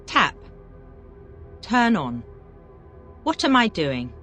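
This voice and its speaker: Reading vocabulary words one at a time before snapping out quick questions, a teacher leads a scripted question-and-answer language drill. Her middle-pitched voice is sing-song, sharp, and slightly rough, with broadly swinging intonation, while faint music plays in the background.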